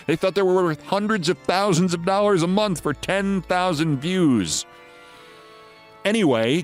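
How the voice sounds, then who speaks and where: A man from New York delivers scripted political commentary with sarcastic, theatrical flair. His voice sits fairly high and swoops widely in pitch. Faint music plays underneath. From New York, USA.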